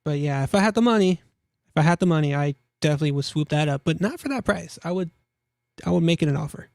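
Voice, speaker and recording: A man's voice: fairly high pitch, animated, fast talker, creaky, darkish tone, soft background music. A young man hosting a casual look at gear listings, joking around and repeating himself as he talks. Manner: chatty, jokey, repeats himself, laughs at own jokes. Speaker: host. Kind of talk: casual gear market commentary.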